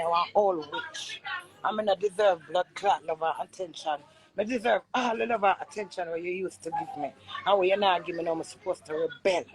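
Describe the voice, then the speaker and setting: A woman's voice: medium pitch, slight background noise, poor audio. A young Jamaican woman vlogger ranting in an angry, accusing way, swearing often. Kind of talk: heated rant.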